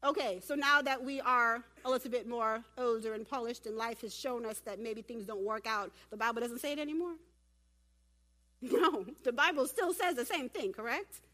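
A woman preaching to a church audience in a lively, humorous way, talking straight to her listeners. Her voice is fairly high and sharply bright. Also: normal speed. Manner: animated, humorous, talks directly to the audience. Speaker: speaker at a women's church event. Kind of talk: sermon.

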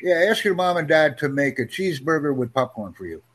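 A man teaching an English conversation lesson over a video call, upbeat and encouraging, speaking in simple, slowed-down phrases. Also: on the high side, animated, fairly bright tone. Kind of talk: live online English lesson.

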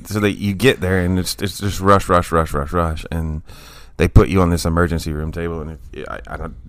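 Male storyteller, low voice, animated, laughs easily, dry close mic. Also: fairly quick, smooth, no room sound. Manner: animated, laughing often, acts out quotes. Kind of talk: casual storytelling chat.

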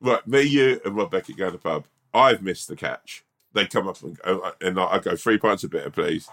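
A man's voice: low-pitched, normal speed, fairly bright tone. A man co-hosting a casual podcast, telling rambling hypothetical stories and laughing at them. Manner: rambling anecdotes, laughing at his own stories. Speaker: podcast co-host. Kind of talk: casual chat.

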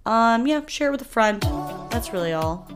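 A young woman hosting a solo podcast, talking candidly and animatedly, her voice swinging between loud bursts and soft asides. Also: fairly high pitch, lively intonation, moderate pace, soft background music. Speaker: podcast host.

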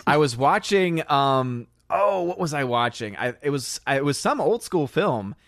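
A man's voice: a little high, expressive, moderate pace, vocal fry, a bit bright, no echo, clean studio sound. A man hosting a casual podcast, reading out chat comments, rambling and laughing often.

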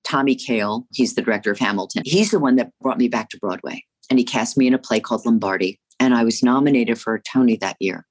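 A middle-aged woman with a very deep voice and a faint New Jersey accent, chatting as an interview guest. She talks warmly and effusively, circling back and restarting her thoughts as she goes. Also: fast talker, hardly any pauses, slightly rough. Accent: slight New Jersey. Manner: warm, effusive, rambling with restarts. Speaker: actress guest. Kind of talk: casual interview chat.

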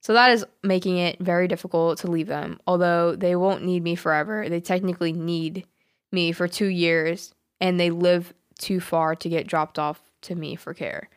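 A woman co-hosting a podcast, reading a listener's letter aloud in a plain, steady way. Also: lowish voice, moderate pace, clean tone. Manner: plain, steady reading with small laughs at the jokes. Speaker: podcast co-host.

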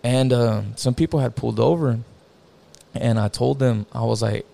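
A man's voice: medium pitch, normal speed, creaky, dark tone. A young man casually telling a personal story as a guest, slangy and profane, filling his talk with "bro" and "like".

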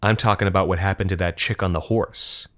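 A sneering teenage boy who enjoys upsetting his cousins, dwelling on gruesome details in a mocking drawl, put on by a man reading a story. The voice sits low and deep. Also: steady tone, brisk, fairly bright tone. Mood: morbid.

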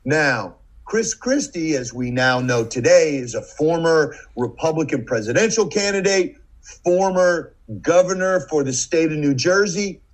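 A middle-aged man from the United States holds the floor as a podcast guest. He tells a vivid story in a slightly higher voice and acts out the lines of the people in it. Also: low-quality recording. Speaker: podcast guest, former FBI agent. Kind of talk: storytelling in conversation.

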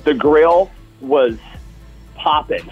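A man's voice: on the high side, drawn-out words, slightly rough, phone-quality sound, faint music behind. A man co-hosting a casual sports talk show, telling stories with enthusiasm. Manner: enthusiastic, storytelling. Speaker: co-host.

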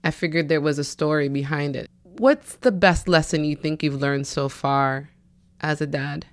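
A woman hosting a podcast interview, asking relaxed, unhurried questions. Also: sits low, dry recording, clean studio sound. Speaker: podcast host. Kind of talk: casual interview.

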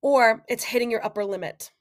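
A young adult woman hosts a solo podcast, her voice fairly high and brisk. She talks casually and animatedly, acting out inner voices and quoted remarks.

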